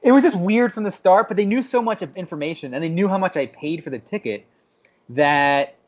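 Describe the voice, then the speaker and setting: Man, podcast co-host, animated storyteller, slightly higher voice, dull lo-fi recording. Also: fairly quick. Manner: animated storyteller, acts out quotes. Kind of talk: casual chat.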